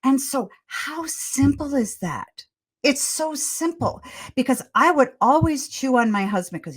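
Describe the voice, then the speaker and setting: In a voice on the high side, animated and at normal speed, an older pediatrician speaks as a podcast guest. She gives parenting advice through earnest storytelling, restarting frequently, in the relaxed style of an interview.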